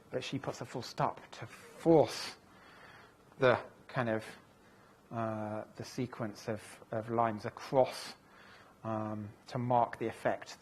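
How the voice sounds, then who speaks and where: A man lecturing at an ordinary middle pitch. He thinks aloud as he speaks, pausing on fillers and correcting himself mid-phrase. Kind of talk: recorded lecture walking through translations.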